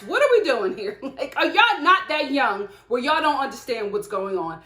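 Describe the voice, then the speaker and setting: A high-pitched woman recaps a reality show for her vlog, full of sassy asides and laughter. Her voice swings widely up and down as she talks. The sound carries a roomy echo from the indoor space. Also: big pitch swings, moderate pace, few pauses, pushed and bright. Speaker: reality TV reviewer. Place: indoor room with studio lights.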